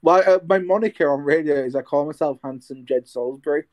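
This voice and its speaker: On a video call from his partly decorated bedroom, a young man chats about training to present radio, rambling casually and restarting often. His voice is on the high side, a little mellow, and quick.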